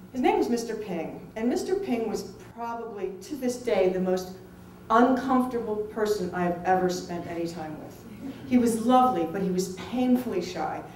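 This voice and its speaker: A middle-aged woman tells a personal story to an audience in a lively, conversational way and acts out other people's lines. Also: mid-range voice, slight background noise. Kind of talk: personal anecdote told to an audience. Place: film festival venue. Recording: roomy, distant mic with faint ambience.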